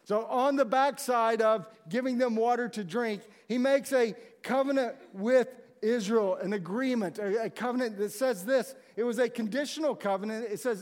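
A man delivers a sermon in a chatty, animated way, slipping into the voices of the people in his story. His voice sits high for a man. It rings out with the long echo of a large hall. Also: moderate pace. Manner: conversational, animated storytelling with acted-out quotes. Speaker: pastor.

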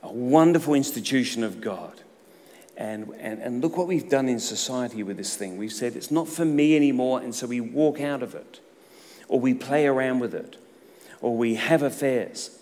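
A middle-aged man preaching a sermon as a pastor, emphatic, rising to loud outbursts and dropping to hushed low lines. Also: moderate pace. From Australia. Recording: long reverb of a hall.

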